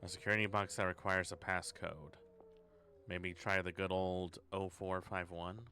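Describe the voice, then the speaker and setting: A man's voice: sits low, little pitch movement, normal speed, pushed and bright, a little hiss or hum. A man streaming a horror game, thinking aloud in a sarcastic, swearing way. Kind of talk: casual horror game let's play.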